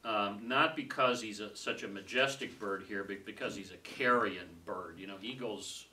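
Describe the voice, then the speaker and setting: A man leading a casual Bible study group, talking conversationally, laughing easily and trailing off softly. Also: on the low side, moderate pace. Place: small room with a group. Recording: distant mic with faint room noise.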